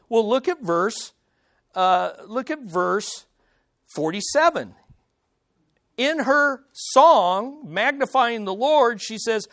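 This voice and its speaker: A man's voice: extremely high pitch, big pitch swings, takes it slowly, a bit bright. A man preaching an expository sermon, emphatic and repeating key phrases, acting out quotes from the text. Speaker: pastor.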